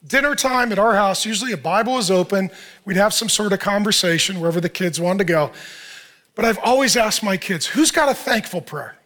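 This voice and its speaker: Preaching a sermon, this middle-aged man keeps things conversational and loose, peppering listeners with rhetorical questions and acting out people's likely words. He is expressive and brisk, with a high, bright, forward-sounding voice.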